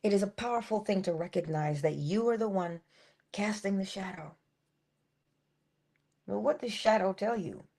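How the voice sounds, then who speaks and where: A woman giving a morning motivational talk, dropping at times into a soft whisper and drawing out key phrases slowly. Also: mid-range voice, creaky. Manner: shifts between full voice and soft unvoiced whisper; drawn-out, emphatic delivery with slowed phrases. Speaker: inspirational speaker.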